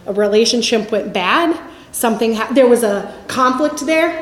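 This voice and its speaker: With a high-pitched, brisk delivery, a middle-aged woman shares a candid Christian teaching in a conversational, storytelling style. Her ideas often trail off into softness, and the audio is reverberant.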